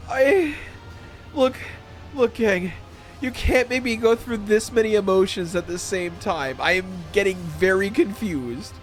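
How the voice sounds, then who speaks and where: A male streamer talks in an unhurried drawl, excitable and quick to dissolve into laughter. He reads story text aloud with theatrical flair. Soft music plays faintly under his voice. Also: high voice. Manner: excitable, breaks into laughter, theatrical when reading. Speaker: live streamer. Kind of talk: casual live-stream chat and dramatic reading. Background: faint background music.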